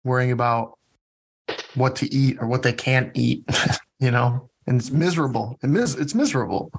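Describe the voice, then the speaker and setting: Male interviewer, friendly, easygoing questions, middle pitch. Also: moderate pace, gravelly, slightly rough, rough recording. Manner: friendly, laughs often. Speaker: podcast interviewer. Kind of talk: casual interview chat.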